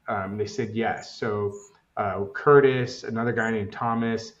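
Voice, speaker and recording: A man's voice: on the low side, fairly even intonation, a little slow, echoey room, dull audio. A man from Los Angeles, a podcast co-host, telling a long casual story full of fillers and acted-out quotes. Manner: rambling, many fillers, acts out quotes.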